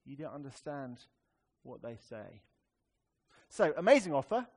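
A man preaching a sermon in a conversational, wry way, swinging between emphatic rises and quiet, serious drops. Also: medium pitch, big pitch swings, a little slow, slightly rough.

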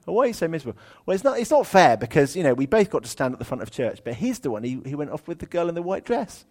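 A man's voice: fairly high pitch, very animated, racing, darkish tone. A man voicing a jealous best man at a wedding, complaining petulantly. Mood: grumbling, indignant.

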